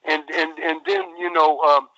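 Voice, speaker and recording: Older guy with a gravelly bright voice, rambling wrestling stories, keeps saying man and brother. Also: on the high side, fairly even intonation, moderate pace, a little hiss or hum. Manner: rambling, repeats words, calls host brother and man. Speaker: podcast guest, retired wrestler. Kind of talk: animated storytelling interview. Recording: dull phone-like call line.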